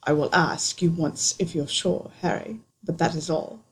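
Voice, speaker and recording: A woman voicing a stern older male wizard in a low, measured voice for a storybook reading. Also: fairly even intonation, slight background noise, low-quality recording. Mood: tender.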